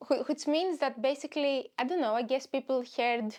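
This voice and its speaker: A young woman from Greece with a Greek accent, hosting a comedy podcast in an animated, rambling way. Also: sits high, normal speed. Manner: animated, rambling, stop-start storytelling. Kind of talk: solo comedic podcast monologue.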